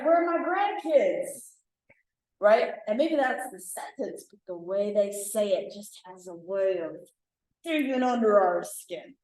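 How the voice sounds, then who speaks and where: A woman leading an interactive communication workshop for a live group, acting out example lines with lively emphasis. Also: medium pitch. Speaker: workshop facilitator. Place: room with live audience. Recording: echoey room.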